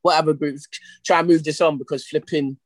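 A man's voice: fairly high pitch, steady tone, fairly quick, husky, no echo. A man hosting a football podcast, talking in brash, slang-heavy banter. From England. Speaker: podcast host. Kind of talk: casual football podcast chat.

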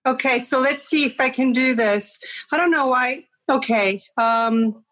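A woman's voice: high-pitched, unhurried, a bit bright, low-quality recording. Chatty woman on a video call. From Switzerland. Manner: chatty, with frequent restarts. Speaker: guest actor. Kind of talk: casual video-call interview.

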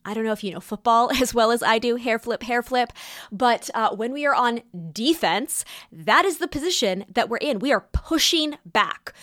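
A woman talking casually to her listeners about giving feedback, animated and laughing often as she acts out little quotes. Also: fairly high pitch, no echo, studio quality. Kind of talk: casual advice talk.

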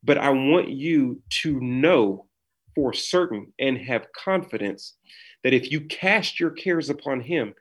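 A man's voice: medium pitch, lively intonation, slow, slightly rough. A man speaking as a podcast guest with an earnest, sermon-like cadence, talking from a small room over a video call. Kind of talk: preaching in conversation.

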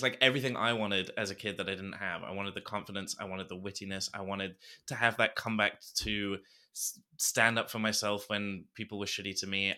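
A man hosting a podcast in casual chat, enthusiastic and quick to laugh, swearing freely. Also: fairly low pitch, pushed and bright. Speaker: podcast host.

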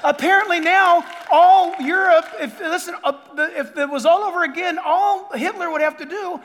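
A man preaching a sermon as a pastor, animated and acting out quoted dialogue in different voices. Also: extremely high pitch, a little fast, big-room sound, slight background noise.

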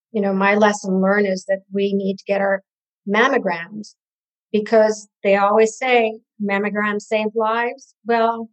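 A woman's voice: medium pitch, low-quality recording. An older woman, a podcast guest, telling her story hesitantly with many ums. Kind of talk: personal story in an interview.

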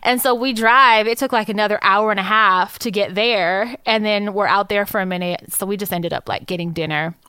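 A woman's voice: medium pitch, brisk, hardly any pauses, smooth, no room sound, studio quality. A woman, co-hosting a podcast and telling stories in a loose, swearing, slang-heavy way. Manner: animated storyteller, swears freely, lots of slang. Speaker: podcast co-host. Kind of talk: casual chat.

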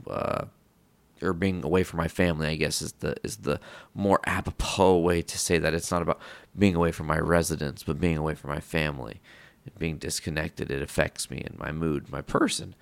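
A man's voice: low-pitched, vocal fry, a bit bright, smooth. A man hosting a podcast, telling a long personal story in a rambling, profane way with lots of fillers. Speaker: podcast host. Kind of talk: casual storytelling monologue.

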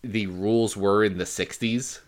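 A man co-hosting a podcast in casual chat, animated, with many restarts and laughs. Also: on the low side, unhurried. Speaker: podcast co-host.

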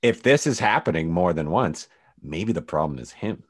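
Really low-voiced guy ranting about a show, swears a lot, voice swings up and down, lots of false starts. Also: animated, normal speed, slightly rough, no room sound, clean studio sound. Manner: blunt, swears a lot, restarts sentences, mocks a performance. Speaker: podcast co-host. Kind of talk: casual chat about a TV episode.

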